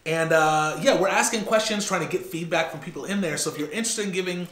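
A man co-hosting a casual mukbang Q&A, talking in a relaxed, rambling way with a chuckle. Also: high-pitched, fast. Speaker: co-host. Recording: roomy home recording.

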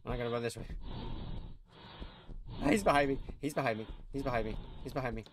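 A man narrates his own horror game run in a jumpy, rambling way, talking to himself as he goes. His voice sits at an ordinary middle pitch. The recording carries a clear layer of background noise. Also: steady tone, fairly quick. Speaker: gamer. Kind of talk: let's play commentary. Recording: noisy home recording.

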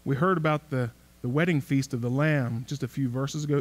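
Speaking fairly quickly with hardly any pauses in a mid-range voice, a male pastor delivers a conversational sermon in a church sanctuary. He leans on rhetorical questions and repetition to drive points home.

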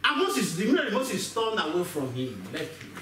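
A man's voice: high-pitched, normal speed, slight background noise. A man pastor preaching a sermon, acting out voices and asking the congregation questions. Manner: animated, acts out voices, asks the congregation questions. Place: church hall. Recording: echoey church hall, mic far off.

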